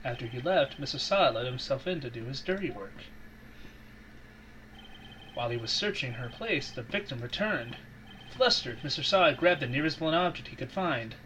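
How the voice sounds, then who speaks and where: A man's voice: medium pitch, expressive, moderate pace, bright, forceful tone, slight background noise, low-quality recording. A man narrating a game scene casually, reading aloud in a playful way. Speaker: co-op game voice-over player. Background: game music.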